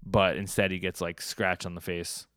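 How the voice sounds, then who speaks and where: A man co-hosting a podcast, casually recapping a comic chapter with fillers and lively retellings. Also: low voice, moderate pace, smooth, no room sound, clean studio sound. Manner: animated storytelling with fillers and acted quotes. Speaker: podcast co-host.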